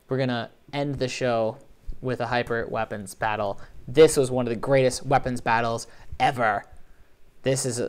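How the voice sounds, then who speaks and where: Animated joking man hosting a live show. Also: mid-range voice, clean tone. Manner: animated, joking, playfully sarcastic. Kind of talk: live commentary on competition videos.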